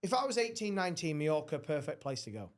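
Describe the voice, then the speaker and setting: A man's voice: a little high, very animated, fast talker. A man hosting a podcast, telling rambling anecdotes in casual chat and swearing often. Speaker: podcast host.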